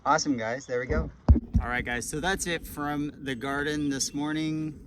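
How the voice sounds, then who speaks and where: A man casually chatting through a gardening how-to in his garden, relaxed and chatty with frequent ums. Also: on the high side, moderate pace, noisy background. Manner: relaxed, chatty, laughs easily, many ums. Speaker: gardening vlogger. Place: outdoor garden in the morning.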